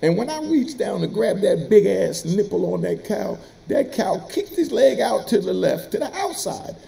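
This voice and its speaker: A middle-aged man tells prison stories in a loose, streetwise monologue. His gravelly voice swings widely up and down and sits a little higher than most men's, and he often breaks into laughter mid-story. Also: moderate pace. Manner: animated, streetwise, laughs while telling. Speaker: former prisoner telling stories.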